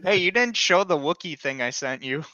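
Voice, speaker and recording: A man's voice: fairly high pitch, lively intonation, normal speed, bright, forceful tone, no echo. Sardonic twenties male co-host, dull lo-fi dry mic. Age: 20s. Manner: profane, sardonic storytelling. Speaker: podcast co-host. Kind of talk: casual comedic banter.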